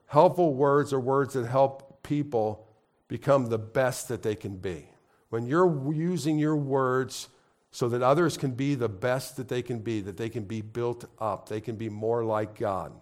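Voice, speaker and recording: A man preaching a sermon to a congregation, repeating key phrases and asking the crowd to answer back. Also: mid-range voice. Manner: repetitive call-and-response preaching. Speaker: pastor. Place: congregation in a room.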